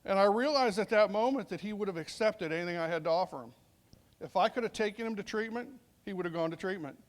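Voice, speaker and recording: A middle-aged man with a fairly high voice speaks to a veterans summit as a police sergeant. His talk is conversational, and he acts out snatches of dialogue as he tells his story. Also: fast. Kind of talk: storytelling speech.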